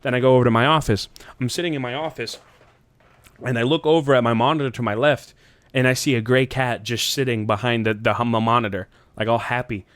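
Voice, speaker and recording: A man tells a long, meandering story on a podcast, swearing freely and popping into high voices when he quotes people. His voice is smooth and clear. The sound is dry and close. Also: fairly even intonation, fairly quick, fairly bright tone, no echo. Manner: rambling, profane, jumps into high voices quoting people. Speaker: podcast host. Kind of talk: casual storytelling chat.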